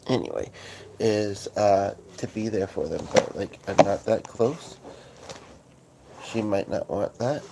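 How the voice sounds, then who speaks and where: A man hosting a casual livestream from his couch, talking in a groggy morning voice with many halting fillers and restarts. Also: on the low side, gravelly, heavy background noise. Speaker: livestream host. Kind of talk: casual rambling livestream chat. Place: at home on a couch.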